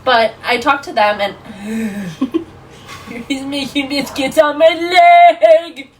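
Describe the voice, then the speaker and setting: A woman in her twenties, a podcast guest, telling a story in a casual, animated way, full of "like". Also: sits high, takes it slowly, distant mic, slight background noise, low-quality recording. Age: 20s. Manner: animated, lots of fillers like "like".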